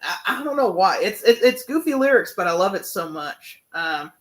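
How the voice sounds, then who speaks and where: Man, young adult, high-pitched, enthusiastic, casual album review, hums along, many fillers. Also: expressive, moderate pace, a bit bright. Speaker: music reviewer.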